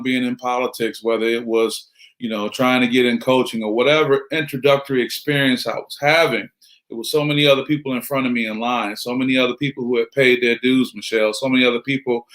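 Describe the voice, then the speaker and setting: Greeting his listeners by name, a middle-aged motivational speaker delivers a preachy talk in a medium-pitched, fairly bright voice. He leans heavily on rhetorical questions.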